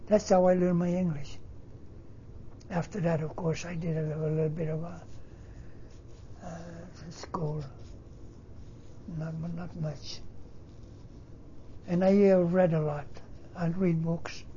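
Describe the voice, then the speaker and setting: An older man from Northern Italy, native Italian, speaking English with an Italian accent and halting, broken phrasing, telling his life story in an interview. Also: on the high side, flat delivery, dark tone, dull audio, slight background noise. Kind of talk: oral history interview.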